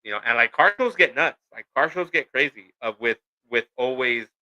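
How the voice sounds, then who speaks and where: A man's voice: medium pitch, expressive, moderate pace, bright, forceful tone, rough recording. A man chatting casually on a podcast, telling rambling stories full of fillers and swearing. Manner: profane, rambling storytelling with many fillers. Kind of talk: casual chat.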